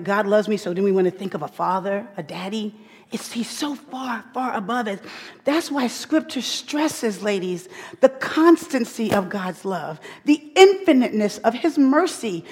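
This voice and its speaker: A woman teaching a sermon to a women's audience. She repeats her key phrases and swings from loud emphasis to hushed asides. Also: fairly high pitch, breathy edge. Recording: long hall reverb.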